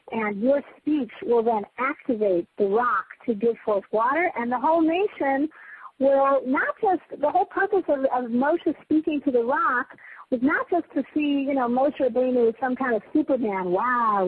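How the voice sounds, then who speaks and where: Woman teaching Torah over a tinny line. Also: on the high side. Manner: animated, chatty, self-deprecating asides. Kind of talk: casual Torah class. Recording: tinny phone-line sound with faint noise.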